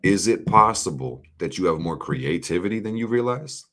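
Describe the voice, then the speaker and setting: Very deep-voiced hyped man reading tarot. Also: lively intonation, normal speed, fairly bright tone. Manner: hyped, profane, talks straight to chat with slang. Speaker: astrology and tarot reader. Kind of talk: casual live-stream tarot reading.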